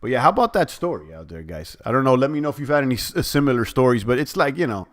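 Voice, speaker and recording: A man's voice: mid-range voice, sing-song, fast talker. A young man hosting a crypto livestream, chatting in a rambling, conversational way straight to his viewers. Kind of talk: casual livestream chat.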